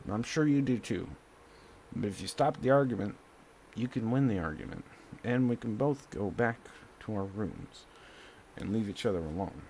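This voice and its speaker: A man streaming, ranting at the camera, agitated and swearing, swinging between loud outbursts and low muttering. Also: lively intonation, moderate pace, long pauses, a little hiss or hum.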